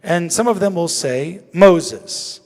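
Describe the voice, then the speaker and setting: A man with a slightly high voice teaches as a rabbi in a synagogue, asking the audience questions and throwing in jokes. His voice rings out with the long reverb of a large hall. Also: moderate pace. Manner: asks the audience questions, joking and lively. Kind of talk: interactive teaching talk. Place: synagogue sanctuary.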